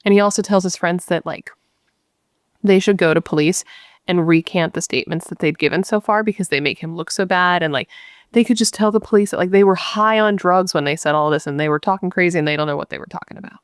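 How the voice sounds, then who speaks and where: A woman's voice: on the low side, fast talker, clear, resonant tone, no room sound, clean studio sound. Chatty, blunt woman telling a true crime story. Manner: chatty, blunt, swears freely, retells dialogue conversationally. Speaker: true crime podcast host.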